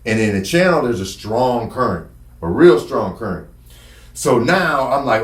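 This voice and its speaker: A man's voice: fairly low pitch, normal speed, reverberant. Profane man telling a wild story. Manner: animated, profane, vivid storytelling. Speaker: podcast guest telling his story. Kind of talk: casual storytelling.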